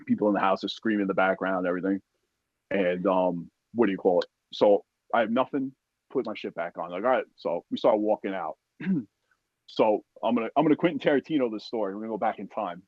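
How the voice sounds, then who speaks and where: A man telling a war story in a casual, profane, animated way, acting out the voices of other people as he goes. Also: fairly low pitch, fast, no room sound, highs cut off. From United States. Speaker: podcast guest, army veteran.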